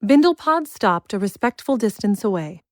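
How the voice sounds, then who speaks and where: A woman narrates a children's fantasy story with measured, expressive pacing. Her voice sits at a middle pitch, recorded dry and close with no room echo. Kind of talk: scripted audiobook narration.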